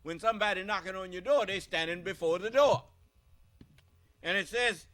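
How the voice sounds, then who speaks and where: Animated, high-pitched American preacher man. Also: normal speed. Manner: emphatic, asks the listeners questions. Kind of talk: scripture teaching sermon.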